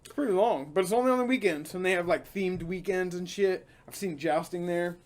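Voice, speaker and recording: A man co-hosting a casual podcast, telling relaxed stories with casual swearing. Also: high-pitched, a little fast. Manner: easygoing storyteller, casual swearing. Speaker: podcast co-host. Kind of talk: casual drinking podcast chat.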